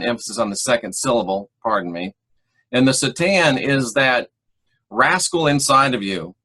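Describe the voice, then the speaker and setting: A man hosting a religious teaching video, speaking in a drawn-out, emphatic preaching manner. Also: mid-range voice, fairly bright tone. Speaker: host and former minister. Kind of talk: monologue teaching.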